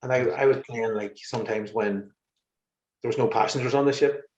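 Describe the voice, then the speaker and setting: With a medium pitch and a fairly quick pace, a male musician recounts exasperated stories and laughs in a relaxed interview. Slight background noise sits in a roomy, slightly muffled recording.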